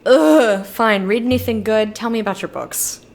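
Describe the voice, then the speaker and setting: A woman's voice: mid-range voice, animated, brisk, vocal fry, a little mellow. A young woman casually commenting on a video game as she plays, reading its dialogue aloud between her own thoughts. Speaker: streamer. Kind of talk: casual let's-play commentary.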